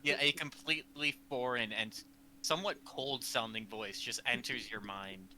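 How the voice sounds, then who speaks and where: Male player, chatty, asks quick questions, clear hum behind him. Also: mid-range voice, bright, forceful tone, rough recording. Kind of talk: casual tabletop chat. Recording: humming background noise.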